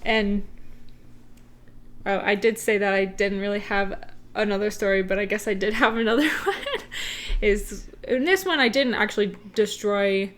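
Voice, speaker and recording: A young woman co-hosting a podcast, telling stories in a relaxed way with lots of fillers. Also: mid-range voice, moderate pace. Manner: relaxed, filler-heavy storytelling. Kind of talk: casual chat.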